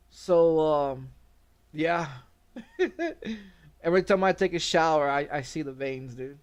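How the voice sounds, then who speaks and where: A man's voice: a little high, fairly even intonation, moderate pace, clean tone. A middle-aged man telling a long, rambling personal story with lots of swearing and frequent laughter, as a streamer talking casually. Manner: rambling, profane, laughing often.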